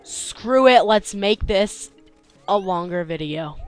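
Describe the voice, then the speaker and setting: Tired, excitable young man gaming. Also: high voice, slow pace, clear, resonant tone. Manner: excitable, complaining, with sudden yelps. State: tired, yawning. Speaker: let's play host. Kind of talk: gameplay commentary. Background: faint game music.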